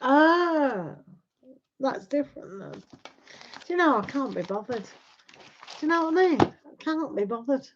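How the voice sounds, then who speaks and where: Chatty woman host, slightly high voice, rambling casual talk, dull livestream sound. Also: animated, a little slow, pauses often. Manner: chatty, rambling, tag questions. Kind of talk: casual chat with live viewers.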